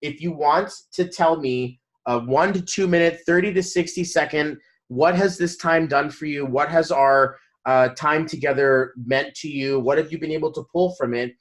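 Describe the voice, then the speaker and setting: Talking at normal speed with hardly any pauses, a man in his thirties uses a fairly high voice to motivate a group on a video call. As a numerology coach, he tells stories with animation and laughs in the middle of sentences.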